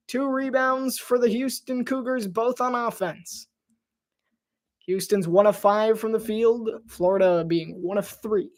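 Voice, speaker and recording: A man calls a basketball game alone as an amateur play-by-play commentator. His voice jumps up with excitement on the big plays, and he sometimes stumbles over the players' names. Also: high-pitched. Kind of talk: amateur live sports commentary.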